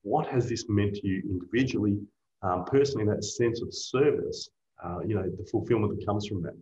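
A man's voice: fairly low pitch, brisk, warm tone. A male interview host asking long, rambling questions, padded with fillers. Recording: dull echoey room.

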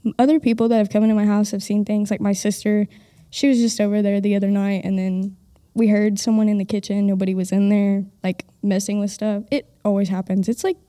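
A young adult woman from Oklahoma, an audience member, tells a story on the stage of a live event held in a castle. Her voice is medium-pitched, mellow and level, and she talks a little fast. She rambles with plenty of fillers and nervous laughter.

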